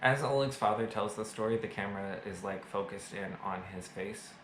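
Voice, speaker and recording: A man's voice: on the low side, normal speed, fairly bright tone, roomy sound, a little hiss or hum, rough recording. A man casually reviewing a movie to camera, chatty and full of fillers, with self-mocking jokes. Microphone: camera mic.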